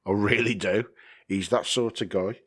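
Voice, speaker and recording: A man's voice: lowish voice, steady tone, normal speed, a bit bright, husky. A man hosting a podcast, rambling casually, swearing freely and chuckling often. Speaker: podcast host.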